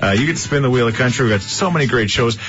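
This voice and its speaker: A man's voice: medium pitch, animated, rapid-fire. A man hosting a morning radio show, chatty and joking, laughing often. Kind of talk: casual morning radio banter. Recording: dull lo-fi radio broadcast.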